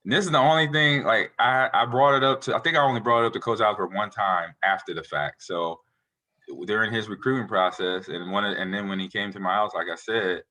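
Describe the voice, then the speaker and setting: Guest: man in his forties, low and forceful, lively rambling storyteller. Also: fairly quick. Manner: animated, rambling storyteller who acts out quotes. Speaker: interview guest, retired football player. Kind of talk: casual interview storytelling.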